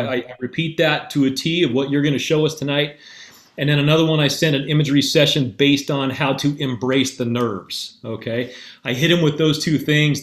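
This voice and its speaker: A man, a mental performance coach, telling a story in a casual way and acting out both sides of the dialogue. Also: fairly high pitch. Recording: roomy echoey sound.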